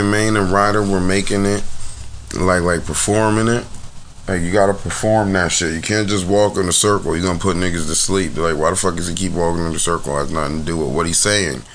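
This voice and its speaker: A man's voice: low-pitched, fairly bright tone, a little hiss or hum. A man hosting a casual podcast, giving blunt, profane, rambling commentary full of fillers and restarts. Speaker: podcast host reviewing rap battles.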